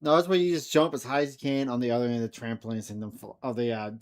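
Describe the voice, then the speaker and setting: A woman's voice: rumbling low, fairly even intonation, racing. A woman co-streaming a reaction video, with dry, wisecracking remarks. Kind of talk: casual reaction chat.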